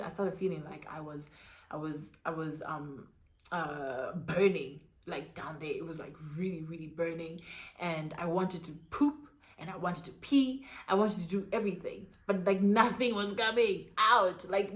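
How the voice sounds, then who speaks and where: Young woman, storytime vlog, dramatic retelling, casual slang. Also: on the low side. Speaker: vlogger.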